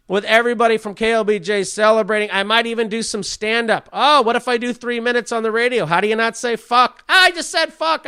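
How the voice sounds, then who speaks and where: A man's voice: high-pitched, pushed and bright, clean tone, dry recording. A man hosting a comedy podcast, ranting profanely and stumbling over words as he reads. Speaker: podcast host.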